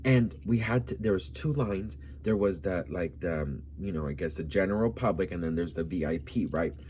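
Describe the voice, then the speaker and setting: A man's voice: deep voice, animated, normal speed, a little mellow, slight background noise. A man of Colombian background from Miami, telling a gossipy story in a sassy, campy vlog style and calling the viewer "girl.". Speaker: vlogger.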